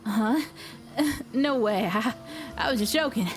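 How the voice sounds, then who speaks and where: A woman voicing a brisk, modern-minded young female diver, reading game dialogue aloud with a light put-on accent. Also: on the high side, faint music behind. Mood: matter-of-fact.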